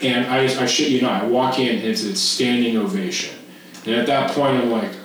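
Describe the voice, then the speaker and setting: A man in his fifties from Texas, a podcast guest telling a camp story in animated casual chat, laughing and swearing freely. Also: mid-range voice, fairly quick. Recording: echoey room, distant mic, faint noise.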